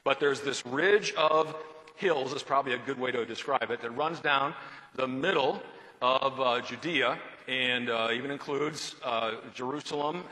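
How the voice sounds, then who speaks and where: A man's voice: mid-range voice, a little slow, bright, forceful tone. A man teaching a Bible study in a conversational, explanatory way, taking a question from the class and reading scripture aloud. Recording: long hall reverb.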